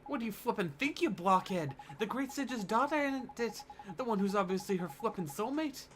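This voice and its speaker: A man's voice: high voice, animated, normal speed, a bit bright, a little hiss or hum, voice pushed up. A man voicing a cheeky little male fairy sidekick who talks in blustery slang. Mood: indignant.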